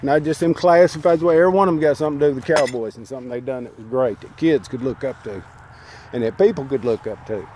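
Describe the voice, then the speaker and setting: A man's voice: medium pitch, fast, dark tone, slight background noise. A man, ranting bitterly outdoors, addressing his old team directly in a preachy, drawling way. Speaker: fan burning team memorabilia. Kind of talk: angry outdoor monologue to camera. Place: outdoors by a fire.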